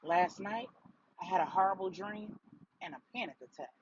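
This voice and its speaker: A worried woman who has been hiding for months, as a storyteller puts her on, talking in a hushed, shaken way. Her lines sit a little lower and softer than the narration. The recording is slightly muffled, with a faint hum of room ambience behind it. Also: normal speed, natural voice. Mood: anxious. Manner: quiet, shaken, tearful. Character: distressed woman, a mother in hiding.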